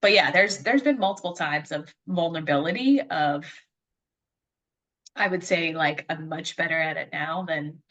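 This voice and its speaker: A woman's voice: low voice, normal speed, a bit bright, distant mic, lo-fi sound. A woman co-hosting a podcast in casual chat, reflective as she adds advice to her co-host's point. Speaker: podcast co-host.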